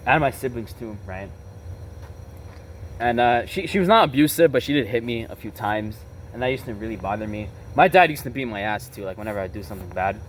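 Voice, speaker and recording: A man's voice: mid-range voice, expressive, fairly quick, a little hiss or hum. A young man telling a personal story in a blunt, casual, profane way, peppering his talk with "bro" and "right?". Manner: blunt and emotionally charged. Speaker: vlogger. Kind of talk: confessional storytelling.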